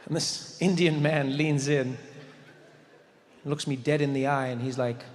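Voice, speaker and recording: A man performing stand-up comedy with an animated, exaggerated storytelling manner on a large theater stage. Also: medium pitch, measured pace. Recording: echoey live hall with crowd noise.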